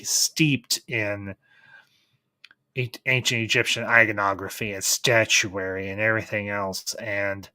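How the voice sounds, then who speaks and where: A man giving a casual, enthusiastic review of a TV series, pausing and restarting as he thinks aloud. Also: on the low side, sharp tone, no echo. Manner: thoughtful, enthusiastic, with frequent restarts. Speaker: film reviewer.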